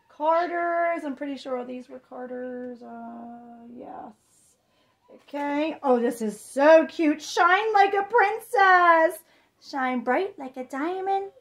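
A young adult woman with a high voice chats through an unboxing video. She gushes and exclaims over everything she pulls out. Her talk is slow and drawn out. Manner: gushing, excited exclamations. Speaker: vlogger. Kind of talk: unboxing chat.

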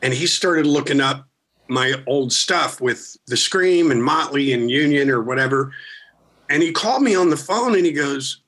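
Animated, profane rock singer man. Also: mid-range voice, normal speed. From Philadelphia. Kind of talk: casual storytelling.

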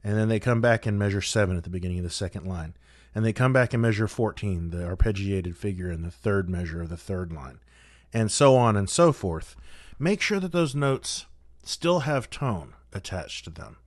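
A man's voice: fairly low pitch, animated, normal speed, no room sound. A man teaching trombone in a practice guide, giving methodical, direct advice to his students.

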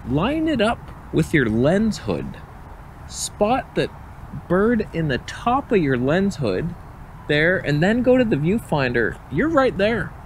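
A young man talking casually in a vlog, animated, swearing and talking to himself as he reviews cameras. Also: on the high side, slow pace, slight background noise.

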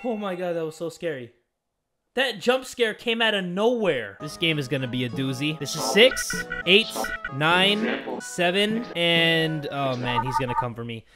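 A man doing excitable, swear-filled gameplay commentary as a gaming YouTuber. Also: fairly high pitch, unhurried. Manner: excitable, swears, yelps and shouts when startled. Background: game music.

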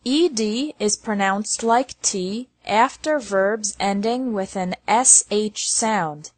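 A woman reading an English lesson, pronouncing verb lists slowly one word at a time. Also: medium pitch, no echo. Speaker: English teacher. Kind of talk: slow scripted lesson narration.

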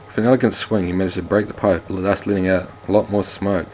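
Wry deep-voiced let's play man. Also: fast talker, slight background noise. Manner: wry, relaxed with fillers. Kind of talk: casual game commentary reading a text adventure.

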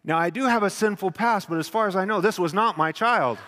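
A man's voice: high voice, fairly quick. Man preaching in a reverberant hall. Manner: animated storyteller, swings from loud to hushed. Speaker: pastor. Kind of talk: sermon with personal storytelling.

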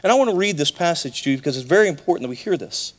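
High-voiced animated preacher. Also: male voice, very fast. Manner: animated storytelling with acted voices. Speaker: pastor. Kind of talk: sermon. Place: church.

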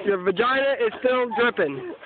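A man's voice: extremely high pitch, big pitch swings, moderate pace. A young man bantering outdoors at a swimming hole with friends, making crude teasing jokes and laughing often. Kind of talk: casual banter among friends. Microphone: phone. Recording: tinny phone audio, loud crowd chatter.

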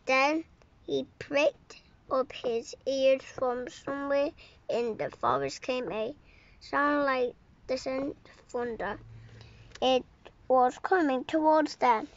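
Woman, bedtime story reading, high voice, gravelly edge, dull lo-fi sound. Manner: slow, unhurried reading with occasional slips and corrections. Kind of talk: reading a picture book aloud. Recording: dull lo-fi home recording.

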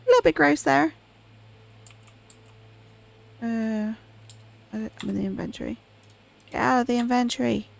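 Woman, let's-play chatter, gravelly fry, fairly high voice. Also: darkish tone. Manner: chatty, reacts aloud while playing. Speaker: gaming channel host. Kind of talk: casual let's-play commentary.

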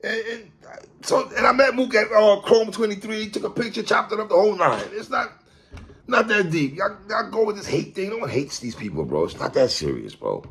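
A man with a high, lively voice and a gravelly edge talks through his hip-hop commentary like a casual chat. He jumps between big exclamations and low asides, laughing as he goes. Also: a little fast. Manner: animated, laughs and exclaims often.

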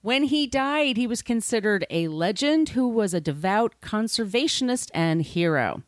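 A woman's voice: fairly high pitch, animated, moderate pace, no echo. Chatty woman podcast host, dry sound. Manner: chatty, irreverent, swears casually. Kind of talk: casual podcast chat.

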